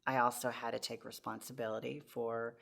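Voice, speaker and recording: A woman's voice: very deep voice, little pitch movement, fairly quick, vocal fry, a bit bright. A woman in her forties, a podcast guest, earnestly telling her personal testimony with many restarts.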